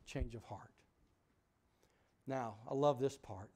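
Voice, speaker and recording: A man preaching a sermon as pastor, emphatic, asking the congregation questions, swinging from loud peaks to quiet drops. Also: mid-range voice, slow. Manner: asks the congregation rhetorical questions.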